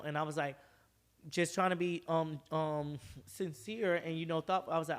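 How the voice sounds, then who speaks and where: A young man from Georgia tells a story as a podcast guest, and his voice sits a little high for a man. He talks in a lively, profane way and acts out everyone he quotes. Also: moderate pace. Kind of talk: casual storytelling.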